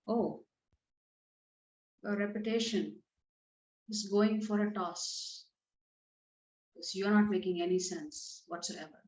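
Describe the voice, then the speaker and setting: A woman's voice: medium pitch, a little mellow. A woman giving a talk on scripture, explaining it conversationally and putting verses into plain everyday words. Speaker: scripture teacher. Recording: roomy, slightly dull recording.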